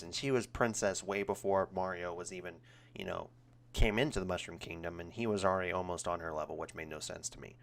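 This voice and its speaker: A young man giving a casual, rambling movie review, full of ums and restarts, getting more animated when he criticizes. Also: low-pitched.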